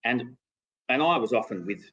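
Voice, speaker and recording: A man's voice: mid-range voice, animated, normal speed, a bit bright, husky, dull audio. A middle-aged Australian man, a former cricketer and podcast guest, telling a story casually with restarts and laughter. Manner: rambling with restarts, laughing at his own story.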